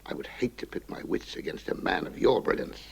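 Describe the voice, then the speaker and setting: An actor playing a crafty, genial middle-aged country rector who talks in a sly, wheedling way. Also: male voice, on the low side, lively intonation, fairly quick, vocal fry.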